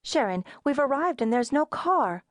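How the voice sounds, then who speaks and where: A woman's voice: sits high, sing-song, normal speed, dry recording, clean studio sound, voice pushed up. A woman narrator voicing an exhausted, frazzled young mother with an exasperated, pleading manner.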